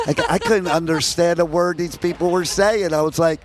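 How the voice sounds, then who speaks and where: A talkative American man with a slightly raised pitch, chatting with a band at an outdoor festival. He jokes freely and laughs between his stories. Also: fairly even intonation, normal speed, crowd noise. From New York and New Jersey. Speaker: interviewer. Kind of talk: casual festival interview.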